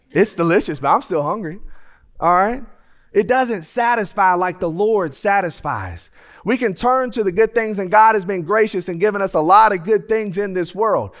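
High-voiced folksy preacher. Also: male voice, a bit bright. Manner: humorous, folksy, acts out voices of people in his stories. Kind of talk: lively sermon. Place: church sanctuary. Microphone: stage microphone.

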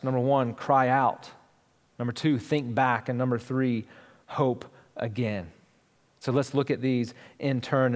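Male pastor, thirties, conversational sermon, mid pitch, long church-hall reverb. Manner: conversational, storytelling with many restarts and fillers.

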